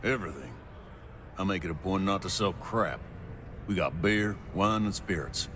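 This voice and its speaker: A gruff old bartender, deep and blunt. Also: male voice, expressive, moderate pace, fairly bright tone, a little hiss or hum. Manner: blunt, curt.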